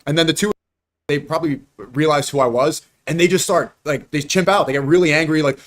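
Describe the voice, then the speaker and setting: Fast-talking man telling a story. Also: on the high side. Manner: fast, animated anecdote telling. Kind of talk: casual chat.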